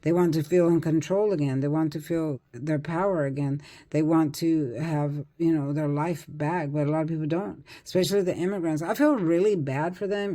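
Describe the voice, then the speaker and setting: A woman's voice: deep voice, warm tone. An older woman giving a casual, chatty psychic tarot reading, repeating herself and laughing often. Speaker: tarot reader.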